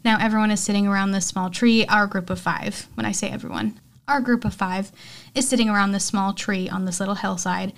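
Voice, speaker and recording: A woman's voice: medium pitch, steady tone, brisk, creaky. A woman hosting a podcast, casually retelling a film's plot in a chatty way with lots of fillers and quoted dialogue. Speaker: podcast host. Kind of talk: casual movie recap.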